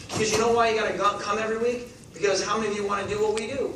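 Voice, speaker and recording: Fired-up guy pumping up a crowd, kinda high voice, far off mic in a super echoey hall w/ noise. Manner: energetic, rapid-fire, asks the crowd questions. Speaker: network marketing speaker. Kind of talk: motivational talk to a live audience. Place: large meeting hall.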